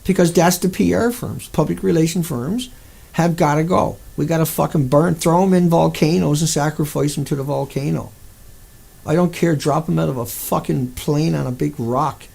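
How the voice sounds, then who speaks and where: A man rants furiously to his audience, cursing and heaping insults on his targets. His voice sits a little high and has a rough, gravelly texture. The delivery is profane and relentless. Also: normal speed, warm tone. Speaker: video blogger. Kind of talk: angry profane rant to camera.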